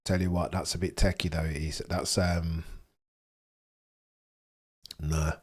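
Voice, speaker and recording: Low voice, husky, young man, casual livestream chat, laughs often. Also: flat delivery, takes it slowly. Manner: chatty, jokey, laughs often, mutters asides. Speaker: livestream host.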